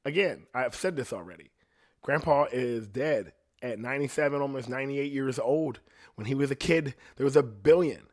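A man's voice: mid-range voice, lively intonation, normal speed. A man hosting a podcast, ranting in a rambling, profane casual monologue, a little jittery from coffee. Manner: profane, rambling, quotes others in voices. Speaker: podcast host.

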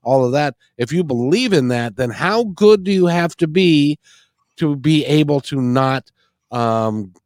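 A man's voice: on the high side, animated, a little slow, a little mellow, no echo, clean studio sound. A man hosting a casual interview, hesitant with frequent restarts and fillers.

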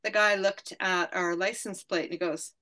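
A woman's voice: lowish voice, fairly even intonation, moderate pace, bright, forceful tone. A woman, a podcast co-host talking books in a casual, wry, teasing way and telling stories. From Canada. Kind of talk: casual book chat.

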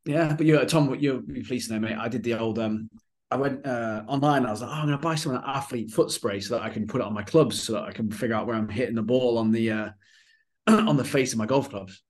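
A man's voice: medium pitch, quick pace. A young man co-hosting a podcast, telling stories in a dry, grumbling way. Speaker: podcast co-host. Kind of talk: casual podcast banter.

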